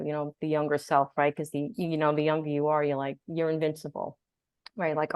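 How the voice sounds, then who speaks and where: A woman speaks as a guest in an interview, somewhat low-pitched for a woman. She tells her story with energy and acts out the voices of the people in it. The sound is dry and close. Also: brisk, no echo. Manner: animated storyteller, acts out quotes. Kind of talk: conversational interview.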